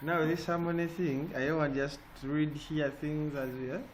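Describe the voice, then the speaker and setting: A man's voice: fairly high pitch, flat delivery, normal speed. A man teaching an online design class. He stops often to check in with "eh?" and "yeah?". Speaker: design trainer. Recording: noisy online call audio.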